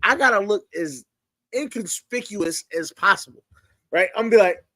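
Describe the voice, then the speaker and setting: A man hosting a casual group chat, animated and putting questions to his guests. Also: high voice, normal speed, no echo. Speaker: podcast host.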